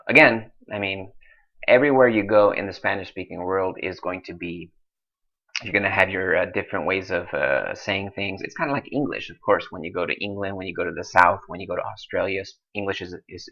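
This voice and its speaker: A man teaching a Spanish lesson, slowly drilling verb forms and then explaining them in a casual, chatty way. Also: low voice, gravelly, bright, forceful tone. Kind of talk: recorded classroom lesson. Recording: dull lo-fi recording.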